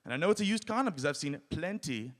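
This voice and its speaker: Male comic, somewhat high voice, anecdotal stand-up, acts out his own panicked lines. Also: expressive, quick pace. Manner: storytelling with acted-out panicked quotes. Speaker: stand-up comedian. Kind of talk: stand-up comedy set. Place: small live comedy venue.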